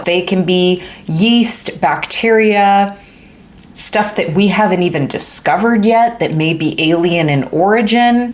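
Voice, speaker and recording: A woman hosting a casual science explainer video, joking and playful as she teaches. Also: fairly low pitch. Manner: playful, jokey, animated delivery. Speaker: educational video host.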